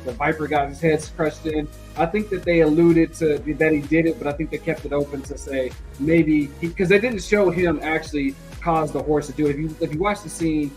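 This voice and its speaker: A man's voice: fairly high pitch, steady tone, fairly quick, few pauses, a little mellow, soft background music, poor audio. A man co-hosting a podcast, chatting casually and arguing his theories, often adding "man". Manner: casual, argumentative, says "man" a lot. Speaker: podcast co-host. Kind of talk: casual chat.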